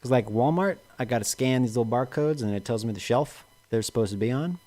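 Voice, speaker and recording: A man's voice: medium pitch, fairly quick, dark tone. A young man co-hosting a casual livestream chat, rambling through jokey stories and laughing often. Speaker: co-host.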